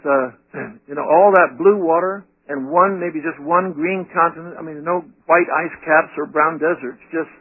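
A man with a slightly high, husky voice preaches a sermon. He keeps asking his listeners rhetorical questions in an animated way. The sound is thin and tinny, like an old radio broadcast, with a dry close mic. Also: no echo.

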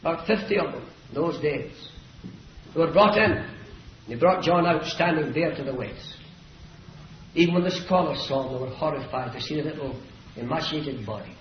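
A man preaching a fervent sermon, telling a story and rising to shouts on key phrases, in a dull, echoey old recording. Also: on the high side, moderate pace, long pauses.

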